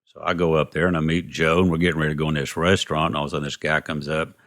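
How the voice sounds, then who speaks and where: Low-voiced texas guy, rambly storyteller, keeps going "i go" and "he goes". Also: level tone, rapid-fire, fairly bright tone. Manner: rambling, retells dialogue with "I go" and "he goes". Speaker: interview guest. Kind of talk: casual anecdotal storytelling.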